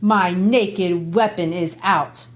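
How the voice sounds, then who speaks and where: A woman's voice: lowish voice, fairly even intonation. A woman reading a brash young servant looking for a fight. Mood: swaggering. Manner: slow, deliberate read-aloud of old verse. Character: quarrelsome young male servant spoiling for a fight.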